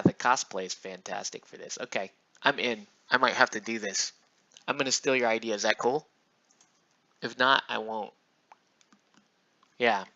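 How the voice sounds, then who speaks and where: A man's voice: mid-range voice, sharp tone. A man casually chatting and rambling while he paints miniatures on a live stream, with loose slangy talk. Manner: laid-back, rambling, slangy. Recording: dull lo-fi stream audio.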